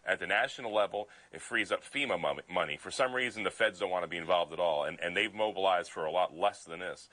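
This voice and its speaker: A man's voice: low voice, quick pace, bright, forceful tone, dry recording, rough recording. A man from Pennsylvania, a state legislator in a remote news interview, talking in a fired-up, indignant way with many restarts.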